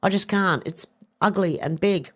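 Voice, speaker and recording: Reading out her chat, this middle-aged Australian livestream host keeps things casual and chatty, with the odd swear word. She speaks at a moderate pace in a medium-pitched voice.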